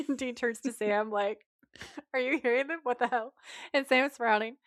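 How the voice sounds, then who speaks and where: A woman's voice: a little high, unhurried, fairly bright tone, no room sound, studio quality. A woman co-hosting a podcast, casually recapping an episode and quoting the characters' lines as she goes. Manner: retells scenes while quoting the characters' lines. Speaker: podcast co-host.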